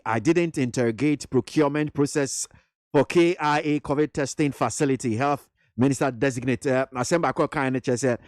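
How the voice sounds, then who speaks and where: A man with a Ghanaian accent hosting a radio talk show, reading out news headlines in a measured way. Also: mid-range voice, no echo, studio quality. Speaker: radio host. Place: radio studio.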